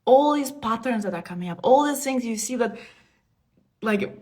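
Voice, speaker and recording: A woman in her thirties giving a casual spiritual talk on a live stream. She is playful, laughs often and moves between soft asides and emphatic bursts. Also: fairly high pitch, animated, moderate pace. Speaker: spiritual teacher. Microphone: phone or webcam on a live stream.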